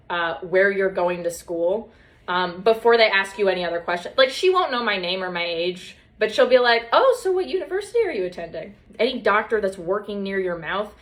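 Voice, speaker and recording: A young woman telling stories in casual chat, sarcastic and swearing, mocking other people's lines in put-on voices. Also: medium pitch. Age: young adult.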